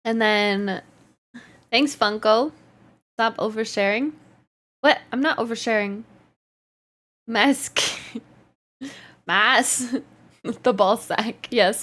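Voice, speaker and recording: A woman's voice: fairly high pitch, fairly bright tone. A woman livestreamer chatting casually, reading out and answering her chat while often laughing. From Canada.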